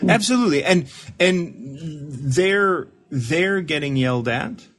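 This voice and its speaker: Male recovery mentor, husky, conversational, reflective, stumbles and repeats as he explains. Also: fairly high pitch, expressive, slow pace, a bit bright. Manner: repeats and restarts words while explaining. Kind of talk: casual reflective talk with a caller.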